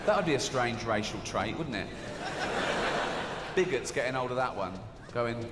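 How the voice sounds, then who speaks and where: A man's voice: mid-range voice, expressive, moderate pace, in a large hall, very noisy. A man performing a stand-up comedy routine, telling a story and acting out the voices of the people in it.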